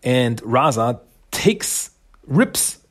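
A man's voice: medium pitch, very animated, extremely slow, a bit bright. A man casually recapping a comic book's story, rambling with many fillers and acting out the characters' lines. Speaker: comic book reviewer.

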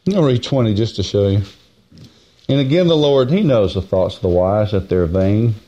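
A man preaching a folksy Bible-teaching sermon, stretching key phrases slowly and swinging from raised, high stresses to hushed, low asides. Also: lively intonation, highs cut off.

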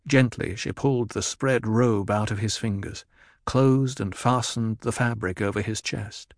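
A man in scripted audiobook narration, telling the story in a measured, even way. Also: fairly low pitch, no room sound, clean studio sound.

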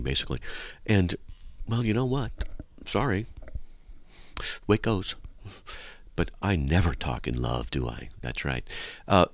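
A man's voice: low voice, dry recording. A man hosting a talk radio show from a studio, lecturing sarcastically and reading listener emails aloud. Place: radio studio with a control room window.

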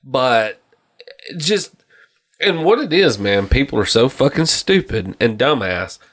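Man, podcast co-host, casual rant, lots of swearing, lively pitch. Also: takes it slowly. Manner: profane, animated, acts out stories in voices.

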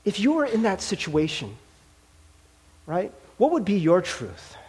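A male pastor preaches in a chatty, conversational way, laughing often between points. His voice sits fairly high and swings widely as he gets animated, with plenty of fillers along the way. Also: unhurried, slight background noise. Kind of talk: sermon.

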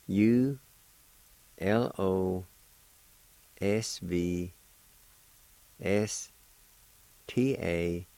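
A man's voice: low-pitched, gravelly, mellow, dry recording, poor audio. A man teaching a radio language lesson, patiently repeating each word and spelling it out letter by letter. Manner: deliberate, spells words out letter by letter.

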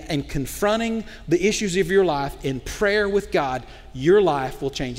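A middle-aged man preaching a lively sermon with a high voice for a man. He keeps firing rhetorical questions at the congregation and slips into the voices of the people he quotes. The long reverb of a church hall trails after his words. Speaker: pastor.

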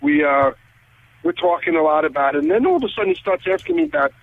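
A male guitarist guest telling stories over the phone, acting out quoted conversations with lively energy. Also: sits high, fast talker, gravelly, breathy edge. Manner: animated, acts out quoted conversations. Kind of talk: phone interview storytelling. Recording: tinny phone line.

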